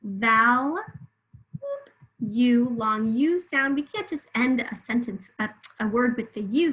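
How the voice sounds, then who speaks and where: Working through a spelling lesson, a woman teacher with a fairly high, fairly bright voice speaks clearly and deliberately, drawing out syllables so each sound comes through. The recording is rough.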